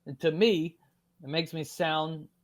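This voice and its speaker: A man from Florida with a strong Southern US accent, a podcast guest telling his story in a loose, animated way, full of fillers and casual swearing. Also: on the high side, unhurried.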